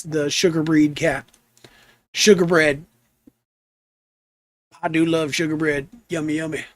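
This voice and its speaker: A young man chatting in a relaxed, rambling way while streaming a game, trailing off into asides. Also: on the high side, no echo. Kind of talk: relaxed live stream chat.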